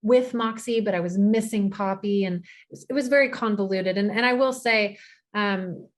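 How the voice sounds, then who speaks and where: A woman in her thirties speaks as a guest on a podcast. Her story comes out tenderly and haltingly, with frequent restarts and repeated words. Her pitch is in the middle range for a woman. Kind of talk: emotional podcast conversation.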